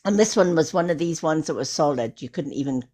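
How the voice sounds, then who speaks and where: Woman, lower voice, chatty storyteller for a live-stream scene. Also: lively intonation, fairly quick, dark tone. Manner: chatty anecdotes with frequent laughter. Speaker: tarot reader hosting a live stream. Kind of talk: casual chat, storytelling. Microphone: phone or computer on a live stream.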